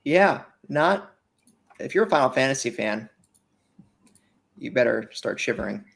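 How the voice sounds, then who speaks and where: A man co-hosting a casual gaming podcast, playful and jokey, with a gravelly voice. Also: medium pitch, sing-song, measured pace, a bit bright. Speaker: podcast co-host. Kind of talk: casual chat.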